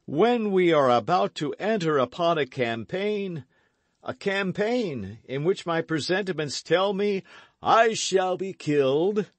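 A man playing a vain, boastful musketeer who speaks grandly and theatrically. The voice sits high and swoops a lot, with slow, drawn-out phrasing. It is heard up close and dry, as in a storybook reading. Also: very animated, dry recording, heavily acted. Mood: melancholy. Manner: grand, declamatory delivery.

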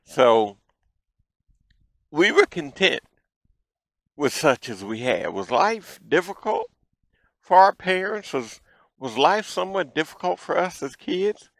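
A man in his fifties hosting a show, telling childhood stories in a folksy, animated way. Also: a little high, slow pace, long pauses, no room sound, rough recording. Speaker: show host. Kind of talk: storytelling childhood memories.

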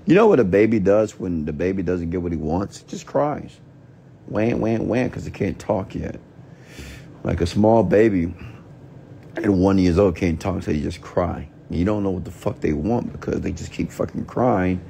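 A man's voice: low voice, moderate pace, creaky, warm tone, a little hiss or hum. A middle-aged man, an entrepreneur and mentor, hosting a late-night livestream rant in a blunt, profane manner. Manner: blunt, profane, mocks whiny voices.

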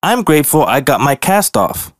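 A man's voice: fairly high pitch, very animated, moderate pace, no room sound, studio quality, voice pushed up. A man voicing an eager, slightly clumsy young cat in a storybook reading.

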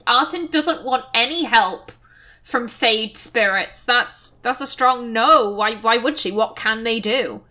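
A woman hosting a let's play, chatting casually and thinking out loud as she plays. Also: on the high side, a little slow. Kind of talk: casual gameplay commentary.

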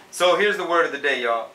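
A comedian hosts a live stream, chatting casually in slang and switching into Spanish for bits. His voice is bright, forceful, and on the high side, but the mic is distant, leaving him a bit off-mic in an echoey room with faint noise.

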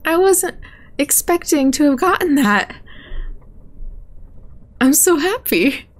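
A woman's voice: sits high, lively intonation, takes it slowly. A woman casually chatting while she plays a game, chatty and giggly. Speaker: gamer. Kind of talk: casual gameplay commentary.

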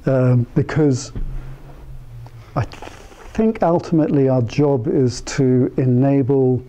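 An older man giving an informal talk to a small group of therapists, telling anecdotes in a conversational way and thinking aloud with pauses and restarts. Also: medium pitch, dark tone, slight background noise, poor audio. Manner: conversational, anecdotal storyteller who mimics the people in his stories. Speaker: speaker addressing psychotherapists. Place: meeting room with a small live audience.

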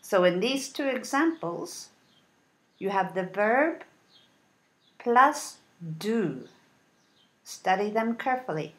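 A woman teaching an English lesson, reading example sentences and modeling intonation with deliberate, clear enunciation. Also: mid-range voice, very animated. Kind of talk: slow, careful English lesson.

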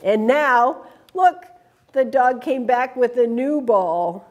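A woman reading a picture book aloud to children in an animated way, stopping to ask them questions. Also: a little high, slow. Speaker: storytime reader.

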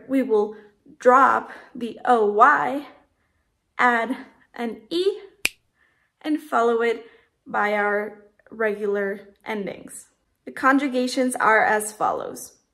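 A woman teaching Spanish verbs in a scripted lesson, speaking slowly and carefully, spelling out letters and conjugations one by one. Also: fairly high pitch, a bit bright.

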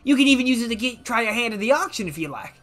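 A gamer voicing an excitable old man gym leader with a put-on Southern drawl, reading game dialogue aloud in a boisterous, exclamatory way. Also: mid-range voice, rapid-fire, lightly acted. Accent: American Southern (put on).

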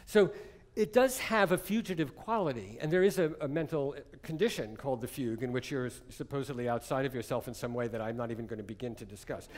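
A man's voice: medium pitch, fast talker, hardly any pauses, darkish tone. A man giving a conversational, jokey music lecture, often digressing as he explains a piece. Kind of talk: lecture-demonstration on chamber music.

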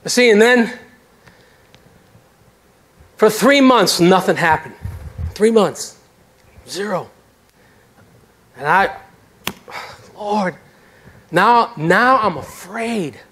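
A middle-aged male pastor with a high voice preaching in a church sanctuary. He tells his own story in a lively, animated way, with a self-deprecating humor. His delivery swings between intimate and exclaiming. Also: extremely slow, pauses often. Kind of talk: sermon with personal testimony.

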